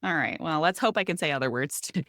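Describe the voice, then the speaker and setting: A woman with a notably low voice co-hosts a relaxed podcast conversation. She explains things step by step in a chatty, self-deprecating way. The sound is close and dry, with no room around it. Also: fast, no echo. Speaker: podcast co-host. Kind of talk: casual podcast chat.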